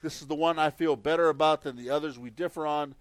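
A man's voice: on the high side, fairly even intonation, fast, no echo. A man hosting a casual sports picks show, rambling through his predictions with plenty of filler words. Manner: rambling, many fillers and restarts. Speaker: podcast host making football picks.

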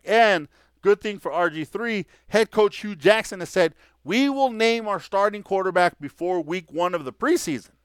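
A man hosts a casual sports podcast, chatty and opinionated, and his speech is scattered with fillers. His voice sits slightly high and sounds smooth and clean. The recording is dry and close-up, with no room echo. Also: fairly bright tone. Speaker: podcast host.

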